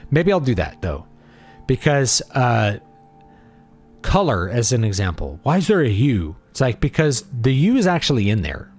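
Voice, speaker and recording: A man hosting a casual livestream who talks in a blunt, opinionated and playful way. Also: medium pitch. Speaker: livestream host and writer.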